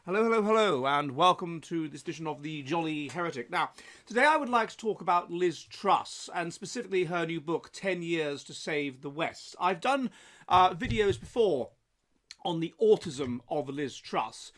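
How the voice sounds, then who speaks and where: Guy with a highish voice doing a solo commentary, punchy emphasis, lots of ums and restarts. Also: expressive, moderate pace, a bit bright. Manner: emphatic, with frequent hesitations and restarts. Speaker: host.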